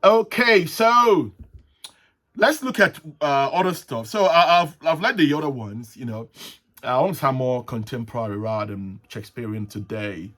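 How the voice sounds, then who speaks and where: Man rambling in halting casual talk. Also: mid-range voice, animated, fairly bright tone. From Nigeria. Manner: rambling, halting, many restarts and chuckles. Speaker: host. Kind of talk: casual solo livestream talk. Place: at home, with tea.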